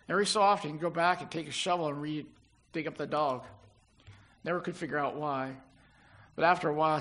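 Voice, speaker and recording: High, bright-voiced man preaching. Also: creaky. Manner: retells scripture with rising, emphatic delivery. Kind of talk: sermon.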